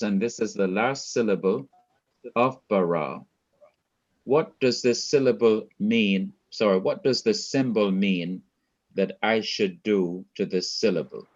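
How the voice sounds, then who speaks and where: A man with a Jamaican accent teaching a Hebrew lesson, speaking deliberately, repeating key words and quizzing his students. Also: fairly low pitch, a little mellow. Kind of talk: online Bible language lesson. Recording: dull lo-fi sound.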